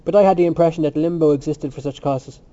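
Suave, ironic young student, mellow and smooth, as a male reader puts him on. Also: a little high, fast talker, close to an everyday voice. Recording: muffled lo-fi recording.

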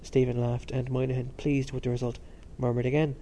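Man narrating with a mellow voice. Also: mid-range voice, creaky, a little hiss or hum. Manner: steady, measured reading. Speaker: audiobook narrator. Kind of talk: scripted narration.

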